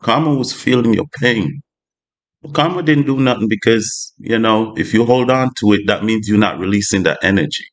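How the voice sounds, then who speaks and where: Low-voiced man in a casual spiritual talk. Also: moderate pace. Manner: loose and conversational, full of "you know" asides. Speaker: spiritual vlogger.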